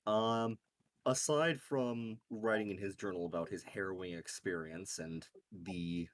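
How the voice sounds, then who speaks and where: A man's voice: low-pitched, fairly even intonation, measured pace, dry recording. A man playing a tabletop game, talking in a casual, loose way. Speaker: player. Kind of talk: tabletop role-play.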